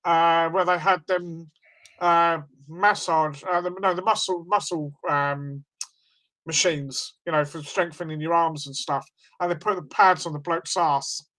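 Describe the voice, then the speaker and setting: Bright-voiced man telling stories. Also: a little high, unhurried, poor audio. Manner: animated storyteller, laughs at his own stories. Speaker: podcast co-host. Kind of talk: casual chat.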